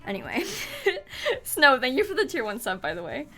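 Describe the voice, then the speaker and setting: Young woman game streamer, bright chatty voice, giggly, soft music under her. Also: high-pitched, very animated, moderate pace. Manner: chatty and giggly, reading out chat thanks. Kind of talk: casual live-stream chat while gaming. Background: faint music.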